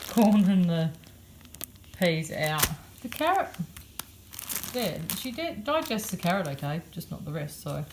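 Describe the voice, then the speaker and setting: A woman's voice: low-pitched, noisy background. Chatty Australian woman vlogging at home. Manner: chatty, rambling, many fillers. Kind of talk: casual daily vlog. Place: home kitchen.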